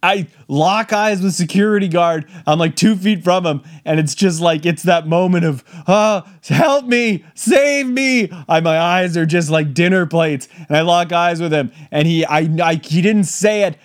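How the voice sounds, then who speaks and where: A man hosting a podcast, telling a comic story in a casual, animated way and acting out the quotes. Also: a little high, normal speed, few pauses. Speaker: podcast host.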